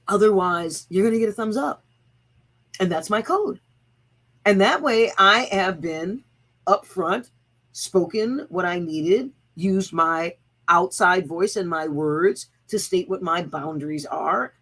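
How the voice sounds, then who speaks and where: Here the channel's host has a lowish, fairly bright voice, expressive and a little slow, as she delivers a blunt, profane motivational rant on her livestream. She keeps chanting repeated slogans to fire up her audience, and the audio is poor.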